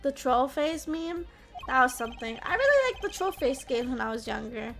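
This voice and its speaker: A woman in her twenties talks casually to her stream chat in a high, bright, sharp-edged voice. She fills her speech with "like" and a questioning "yeah?". Soft music plays quietly underneath. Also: very animated, moderate pace. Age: 20s. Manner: chatty, peppers speech with "like" and "yeah?".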